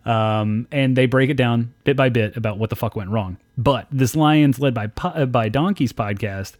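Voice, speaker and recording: A man's voice: mid-range voice, normal speed, darkish tone, no room sound, studio quality. A man co-hosting a casual podcast, ranting animatedly and swearing heavily as he talks. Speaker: podcast co-host. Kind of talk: casual profane podcast chat.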